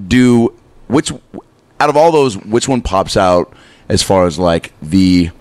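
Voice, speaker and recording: A man's voice: low voice, lively intonation, takes it slowly, darkish tone, dry recording. A man co-hosting a podcast, asking rambling questions full of fillers. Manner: reads credits, asks rambling questions with fillers. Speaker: podcast co-host. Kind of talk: casual podcast interview.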